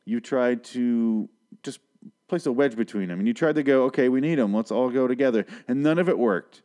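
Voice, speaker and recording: A man's voice: mid-range voice, fairly quick, mellow. A man recapping a TV episode in a casual monologue, rambling and sarcastic, with plenty of swearing.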